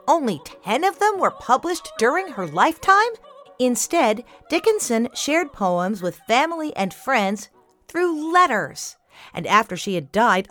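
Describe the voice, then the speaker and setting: A woman with a voice on the high side and a fairly bright tone hosts a children's classical music podcast. In scripted narration, she explains things simply and cheerfully to young listeners.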